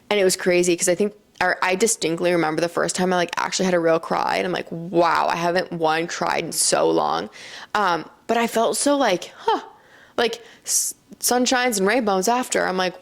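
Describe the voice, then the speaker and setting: Young woman vlogging, low-ish voice with lots of fry, chatty and earnest, says like a lot. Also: a little fast. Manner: chatty, earnest, frequent "like" fillers. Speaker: lifestyle vlogger. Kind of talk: casual reflective talk to camera.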